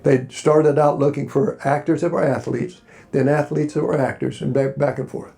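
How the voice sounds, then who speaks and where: Gravelly older man telling stories. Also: medium pitch, fairly even intonation, normal speed, warm tone. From Alabama. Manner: folksy, rambling, encouraging. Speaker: convention panel guest. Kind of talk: storytelling Q&A. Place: hotel convention panel room.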